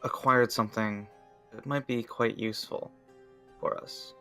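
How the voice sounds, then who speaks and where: A man voicing a male guild leader who is worried but composed, speaking in a measured way. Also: mid-range voice, steady tone, bright, forceful tone, soft background music.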